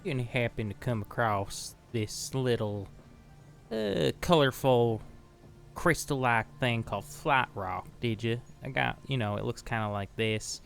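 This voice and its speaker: A man with a gravelly voice plays a tabletop game, talking slyly and boastfully. His pitch sits in the middle range. Faint music plays behind him. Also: a little slow, fairly bright tone. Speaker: player.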